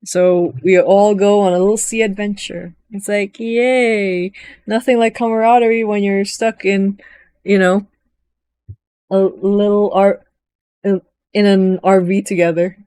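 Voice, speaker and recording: A woman giving a casual, rambling recap of a video game, chatty and animated, often slipping into quick voices for the characters. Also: mid-range voice, clear, resonant tone, no echo. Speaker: gaming vlogger.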